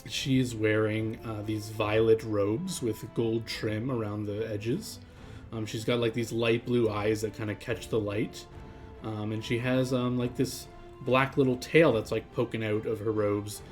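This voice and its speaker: A man's voice: fairly low pitch, fairly even intonation, unhurried, faint music behind. A man narrating as game master of a tabletop game, rambling and full of ums and likes.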